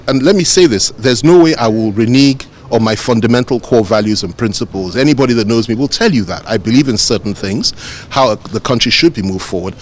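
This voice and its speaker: Man, Nigerian accent, low-pitched voice, measured emphatic press answers, faint rumble behind. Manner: measured, emphatic, repeats phrases. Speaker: politician.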